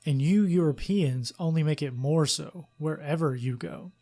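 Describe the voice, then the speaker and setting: A man voicing a huge male iron lion automaton in a game, with a slow, grating, threatening rumble. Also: mellow, faint music behind. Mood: menacing.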